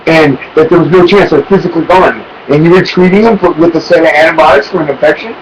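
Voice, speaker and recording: A man's voice: on the high side, fast, highs cut off, a little hiss or hum. A man telling a personal story to his webcam in a rambling, urgent way, swearing often and repeating himself. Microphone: webcam microphone.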